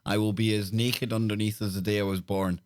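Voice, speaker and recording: A Scottish man hosts a live call-in radio show, joking with listeners and greeting each one in turn. His voice is fairly low and quick with a flat delivery, captured on clean studio audio with no echo.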